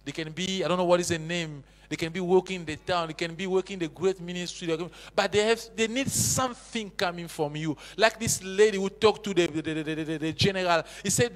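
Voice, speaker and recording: A man preaching a sermon, with impassioned swings between loud exhortation and hushed intensity. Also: sits high, moderate pace, hardly any pauses. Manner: non-native English with broken grammar. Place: church hall. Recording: echoey church hall.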